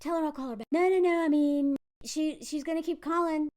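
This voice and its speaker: A woman with a high voice talks through a film in a casual commentary vlog. She is animated and sarcastic, slipping in and out of acted quotes as she goes. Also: a little fast.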